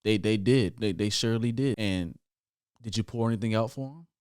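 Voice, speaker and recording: A man giving a casual reaction review of an album, often stammering and restarting, with sudden excited outbursts. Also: on the low side, brisk, smooth, dry recording, clean studio sound.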